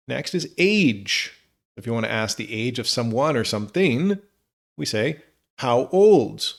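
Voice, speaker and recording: Gravelly-voiced man teaching English phrases. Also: mid-range voice. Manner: slow, clear model phrases for learners. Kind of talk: scripted lesson narration.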